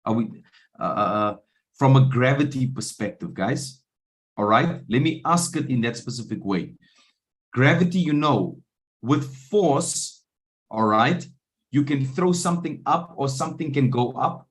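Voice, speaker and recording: Trading coach checking in with listeners. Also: male voice, mid-range voice, animated, a little slow. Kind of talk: live trading room teaching. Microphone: video call.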